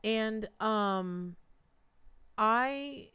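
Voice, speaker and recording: A woman's voice: on the high side, drawn-out words, bright, forceful tone, clear, resonant tone. A woman giving a tarot reading on a live stream, chatty, repeating words for emphasis and talking straight to her viewers. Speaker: tarot reader.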